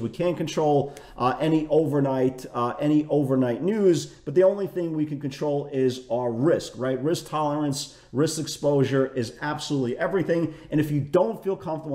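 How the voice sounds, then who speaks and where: A man's voice: on the high side, dark tone, reverberant. A man giving a market recap as a trading educator, chatty and full of restarts, often tagging lines with "right?". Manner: chatty, repeats "right?" and "again"; self-correcting restarts.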